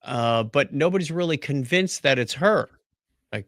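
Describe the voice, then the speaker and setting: A podcast co-host tells a rambling story in casual chat, laughing often. His voice is fairly high and fairly bright with lively intonation at normal speed, recorded in a clean studio with no echo.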